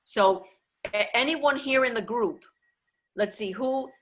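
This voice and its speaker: Bright-voiced woman coaching diction. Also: on the high side, slow pace, a little hiss or hum. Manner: explanatory, switches into Spanish phrases. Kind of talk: online workshop talk.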